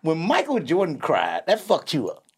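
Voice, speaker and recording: Husky, gravelly man telling wild stories. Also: a little high, moderate pace. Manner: animated storyteller, bursts into laughter, mimics people. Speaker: co-host. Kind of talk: casual comedic chat.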